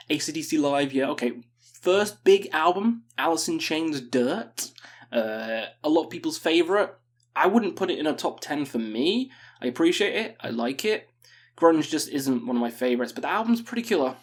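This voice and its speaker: A man's voice: fairly high pitch, expressive, moderate pace. A man in his thirties chatting casually as a metal music video host, cursing and joking with enthusiasm. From England. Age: 30s. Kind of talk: casual album-review chat.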